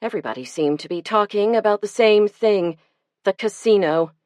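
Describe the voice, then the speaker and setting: A woman narrating a cozy mystery audiobook in a measured, even storytelling manner. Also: medium pitch, no room sound, clean studio sound.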